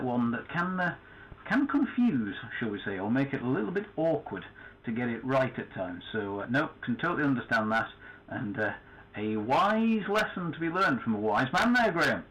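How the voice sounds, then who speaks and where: A man's voice: medium pitch, fairly bright tone, highs cut off. A man acting as net control, chatting casually on air and handing the turn back to a caller. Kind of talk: casual radio chat.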